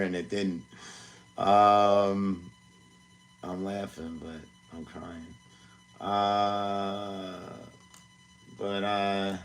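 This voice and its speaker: A man in his forties, a music producer chatting casually on a live stream from his home studio, rambling and self-deprecating with plenty of fillers. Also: on the low side. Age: 40s. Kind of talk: casual livestream chat.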